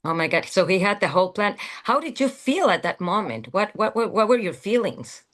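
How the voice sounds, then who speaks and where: A woman hosting an interview who listens sympathetically and asks gentle questions. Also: medium pitch, big pitch swings, fairly quick. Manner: sympathetic, lots of soft backchannels. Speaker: interview host.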